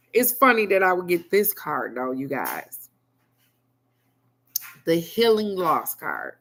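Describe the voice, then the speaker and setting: Middle-aged lady doing a live card reading, bright voice, big laughs, cussing, chatty. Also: fairly low pitch. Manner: loud, animated, swears freely, laughs big. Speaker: tarot card reader on a live stream. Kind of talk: casual live-stream chat. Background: faint background music.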